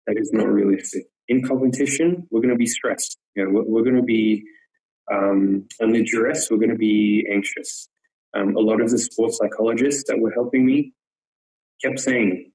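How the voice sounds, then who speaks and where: Guy coaching archery on a webinar, kinda low voice, earnest, keeps saying yep. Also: fairly even intonation, normal speed, darkish tone, rough recording. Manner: earnest, repeats words for emphasis, frequent "yep" check-ins. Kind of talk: webinar talk on technique.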